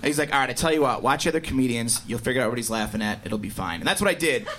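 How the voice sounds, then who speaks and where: A man's voice: mid-range voice, animated, racing, a bit bright. A man doing a stand-up set, telling loose, self-mocking stories in a live club. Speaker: stand-up comedian. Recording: live club mic with background noise.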